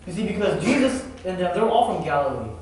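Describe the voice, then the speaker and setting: A man's voice: high-pitched, big pitch swings, fast talker, darkish tone. A young man preaching a casual sermon, talking loosely and conversationally with lots of "like" and "man". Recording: echoey hall from far off, faint noise.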